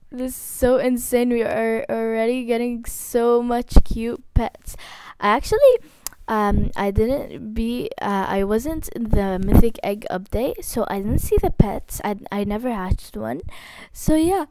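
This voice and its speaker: A woman hosting her gaming channel, giving gushing, excitable commentary and squealing often. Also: fairly high pitch, a little slow. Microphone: faulty mic. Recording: noisy faulty home mic.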